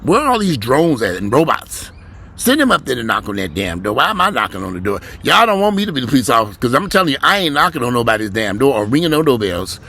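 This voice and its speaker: A man ranting bluntly and profanely to his viewers from home, with sudden loud rises in a voice. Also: medium pitch, big pitch swings, fast talker, gravelly, breathy edge. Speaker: vlogger.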